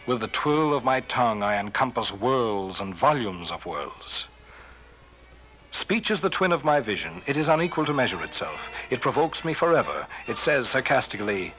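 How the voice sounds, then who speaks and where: A man giving a theatrical poetry recitation, swelling on some phrases and dropping to a hushed whisper on refrains. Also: medium pitch, sing-song, normal speed, faint music behind, low-quality recording. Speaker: poetry reader.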